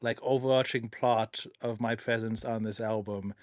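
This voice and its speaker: A man's voice: on the low side, fairly even intonation, no room sound, studio quality. A man hosting a casual podcast interview, full of fillers and restarts, often chuckling. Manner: halting, filler-heavy, chuckling. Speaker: podcast host.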